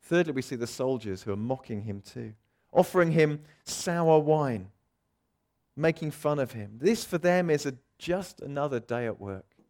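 A man preaching a sermon, dramatic, acting out the voices he quotes and swinging between loud and soft. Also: mid-range voice, animated, moderate pace.

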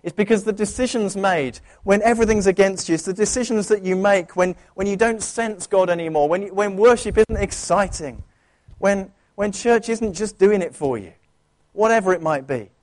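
Earnest preacher, high voice. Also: male voice, normal speed, darkish tone. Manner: conversational, earnest, with frequent restarts. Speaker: pastor. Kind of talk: sermon. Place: church.

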